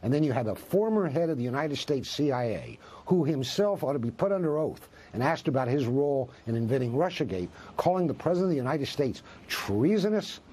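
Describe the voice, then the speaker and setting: A man's voice: mid-range voice, sing-song, a little fast, hardly any pauses, warm tone, slightly rough. A man, a professor, speaking as a guest in a news interview, arguing with passion and rhetorical questions. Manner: impassioned, argues with rhetorical questions.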